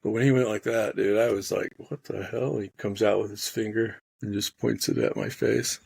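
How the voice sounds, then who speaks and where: A man telling animated stories in casual podcast chat, swearing freely and acting out what people said. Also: fairly low pitch, fairly quick, creaky, breathy edge, dry recording. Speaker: podcast guest storyteller.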